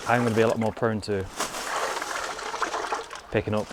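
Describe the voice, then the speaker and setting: A man's voice: lowish voice, little pitch movement, moderate pace, very noisy. A young man talking casually to the camera as a fitness vlogger, outdoors in a garden, chatty and rambling with lots of "you know" asides. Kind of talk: casual vlog talk to camera.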